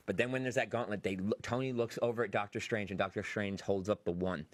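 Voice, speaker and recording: A man on a podcast excitedly walks through a film scene by scene, jumping into the characters' lines as he goes. His voice sits low and he talks at a rapid clip. The sound is dry and close, with no room around it. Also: no room sound. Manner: animated retelling, acts out quotes. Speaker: podcast host. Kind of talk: excited movie review chat.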